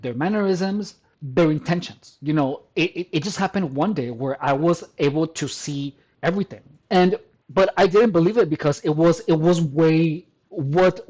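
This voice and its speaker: A man's voice: on the high side, a little mellow, low-quality recording. A man talking straight to the camera in a casual monologue, emphatic, often repeating and restarting his phrases. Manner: addresses listener as dude and man. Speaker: personal trainer vlogger.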